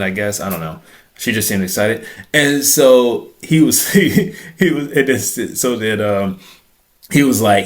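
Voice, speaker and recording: A young man hosting a podcast, telling a story casually and acting out other people's lines in a raised voice. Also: lowish voice. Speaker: podcast host.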